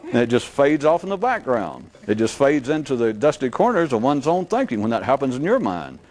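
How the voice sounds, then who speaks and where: A man giving an unscripted philosophical lecture in a rambling, animated way, acting out the voices of people he quotes. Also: mid-range voice, brisk.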